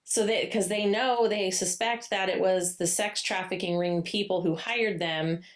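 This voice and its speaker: Chatty woman podcast co-host, animated. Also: a little slow. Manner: animated retelling, acts out characters' lines with playful high voices; loose and chatty, many fillers and laughs. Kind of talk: casual book-discussion chat.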